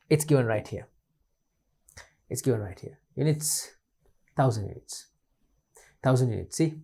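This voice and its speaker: A man's voice: medium pitch, expressive, a little slow, vocal fry, long pauses, mellow, breathy edge. A man talks through an exam paper as a teacher. He repeats each point several times. He poses questions and answers them himself. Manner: repetitive, asks and answers his own questions. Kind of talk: recorded exam-paper lesson.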